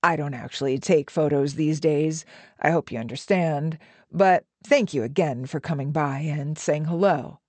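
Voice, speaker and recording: A woman's voice: low voice, moderate pace, a little mellow, no room sound. A woman voicing an aging male film actor with easygoing, practiced charm in an audiobook reading. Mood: gracious. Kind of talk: audiobook narration.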